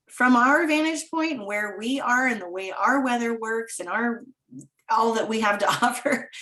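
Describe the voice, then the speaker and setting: A woman's voice: a little high, a bit bright, rough recording. A woman guest in a casual interview, talking with enthusiasm and laughing often. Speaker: guest, chalet owner.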